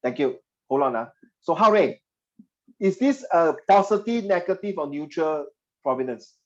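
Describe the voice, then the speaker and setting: A man teaching a history class, animated and teasing, slipping Mandarin phrases into his English. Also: fairly high pitch, normal speed, muffled recording. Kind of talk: classroom lecture.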